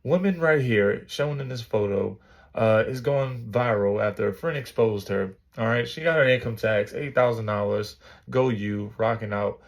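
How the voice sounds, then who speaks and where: A man's voice: on the low side, normal speed. A man hosting a podcast, reacting to clips in casual, slangy commentary with laughing asides. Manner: slangy, laughing asides, calls listeners bro.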